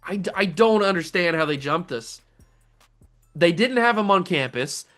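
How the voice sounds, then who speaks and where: Young guy ranting over his football game, kinda high voice, quiet music behind. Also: animated, normal speed. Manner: melodramatic, ranting, exasperated outbursts. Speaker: gaming channel host. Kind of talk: casual video game commentary.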